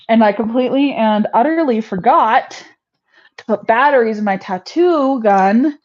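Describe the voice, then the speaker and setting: A woman's voice: a little high, animated, moderate pace, a little mellow. A woman hosting a casual homestead livestream, chatty and laughing at her own mishaps. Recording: slightly dull lo-fi audio.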